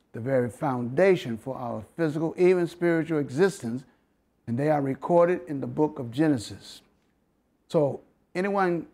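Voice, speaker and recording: Southern US male lecturer, slightly high voice, preachy, quizzes the audience. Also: darkish tone. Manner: preachy, coaxing the audience with questions and chuckles. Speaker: health lecturer. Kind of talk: interactive Bible health lesson.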